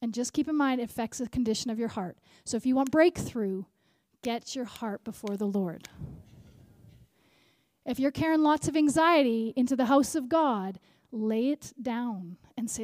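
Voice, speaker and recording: A woman preaching at a conference, animated, repeating key lines and asking the crowd questions. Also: fairly high pitch, normal speed, no room sound. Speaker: conference speaker. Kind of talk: sermon.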